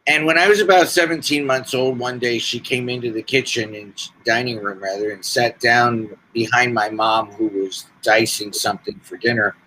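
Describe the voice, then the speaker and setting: A man in his sixties telling his life story as a podcast guest, slow and deliberate with pauses. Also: medium pitch, sharp tone, a little hiss or hum, poor audio. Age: 60s. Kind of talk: personal storytelling.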